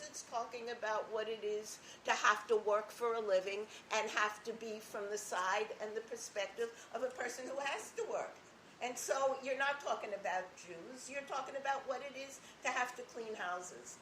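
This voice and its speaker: Woman comic breaking down a joke, kinda high voice, echoey noisy room. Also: a bit bright. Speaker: comedian. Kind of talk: casual podcast chat.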